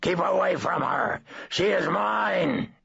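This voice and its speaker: A man's voice: high-pitched, slow, creaky, a bit bright, breathy edge, dull audio, voice pushed up, heavily acted. A man voicing a demon possessing a girl, with a coarse, powerful bellowing voice. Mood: raging. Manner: bellowing, snarling.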